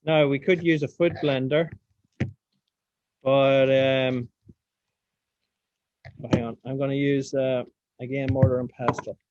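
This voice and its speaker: A man's voice: mid-range voice, level tone, slow pace, pauses often, a little mellow, slight background noise. A man teaching a science practical over a video call, casual, asking the class questions as he demonstrates. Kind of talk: online science lesson. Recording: dull lo-fi sound, dry.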